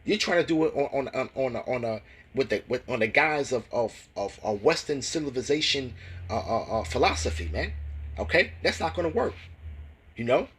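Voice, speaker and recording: A man teaching from scripture, reading verses slowly and breaking in with commentary full of restarts and "man, you know?" tags. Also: medium pitch, lively intonation, fairly bright tone, breathy edge, rough recording. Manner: reads scripture slowly and deliberately. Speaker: religious teacher.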